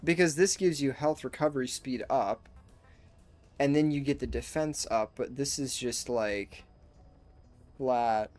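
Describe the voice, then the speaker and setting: A man's voice: medium pitch, a little slow, long pauses, darkish tone, soft background music. A man giving casual gameplay commentary, laid-back, swearing and saying bro. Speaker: gamer.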